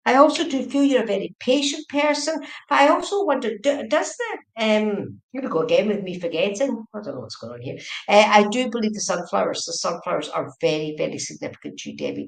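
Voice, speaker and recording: A woman giving a live online tarot and mediumship reading, chatty and repetitive, often checking whether her words make sense. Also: medium pitch. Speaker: psychic medium. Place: indoors at home, room with a heater. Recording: echoey room.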